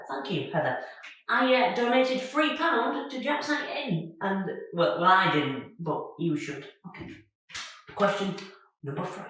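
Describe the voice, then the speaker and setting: A comedian hosting a home-made comedy variety show, jokey and self-mocking. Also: male voice, high-pitched, a bit bright, slightly rough.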